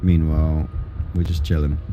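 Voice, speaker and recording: A man streaming a space game, chatting casually with friends and his viewers in a relaxed, joking way. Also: rumbling low, moderate pace, background noise.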